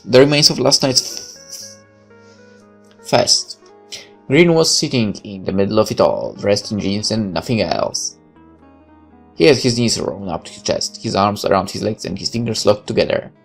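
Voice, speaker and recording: Low gravelly guy reading a visual novel out loud, tosses in little side comments, faint music behind. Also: lively intonation, moderate pace. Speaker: narrator. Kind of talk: reading a visual novel aloud with casual asides.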